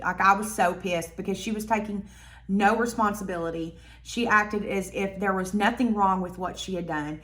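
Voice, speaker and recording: A woman telling a storytime vlog in a blunt, profane, animated way. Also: mid-range voice, moderate pace. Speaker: vlogger.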